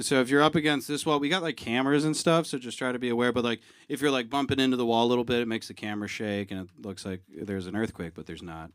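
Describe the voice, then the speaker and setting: A man's voice: mid-range voice, a bit bright, clean tone, no echo, studio quality. A man hosting a live comedy show. He rambles and is self-deprecating, with many ums and uhs. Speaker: show host.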